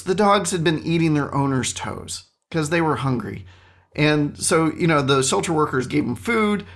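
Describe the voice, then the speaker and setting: Animated man telling a podcast story. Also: a little high. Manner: animated, self-mocking storyteller. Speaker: podcast host. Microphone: studio microphone.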